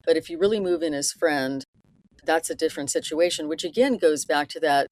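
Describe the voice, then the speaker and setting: A woman's voice: low-pitched, brisk, a little mellow, dry recording. A woman co-hosting a casual film discussion podcast, analyzing characters and backing her partner with frequent murmurs of agreement. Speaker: podcast co-host.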